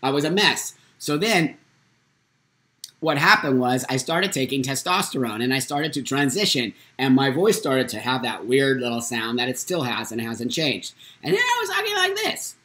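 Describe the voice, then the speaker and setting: A man hosting a live morning talk show, telling a personal story in a candid, blunt and animated way. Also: medium pitch, moderate pace. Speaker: host.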